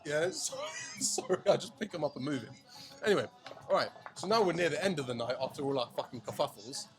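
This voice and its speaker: Young guy telling a night out story, kinda high voice, swearing lots, music playing behind. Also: fast talker. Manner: animated, swearing, slangy, acts out friends' lines. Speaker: podcast co-host telling a story. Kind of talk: casual storytelling chat. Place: shisha lounge.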